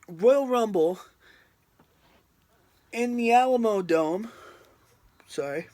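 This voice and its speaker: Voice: mid-range voice, animated, takes it slowly, warm tone, no room sound. Exasperated ranting reviewer voice. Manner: exasperated, repetitive, emphatic. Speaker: wrestling reviewer on a video channel.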